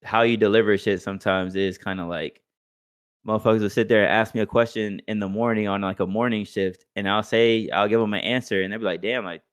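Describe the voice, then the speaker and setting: A young man with a fairly low voice talks casually on a podcast. He is loose and profane, and he keeps slipping into other people's voices to act out what they said. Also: steady tone, a little fast, clean tone, dry recording, clean studio sound. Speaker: podcast co-host. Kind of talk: casual chat.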